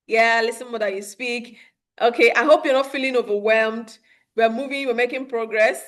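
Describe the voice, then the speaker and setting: A young adult woman leads a live webinar for parents. She speaks in an earnest coaching manner, with a fairly high voice, and often laughs between points. She slips into calm, soothing tones when she acts out what to say to a child. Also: moderate pace.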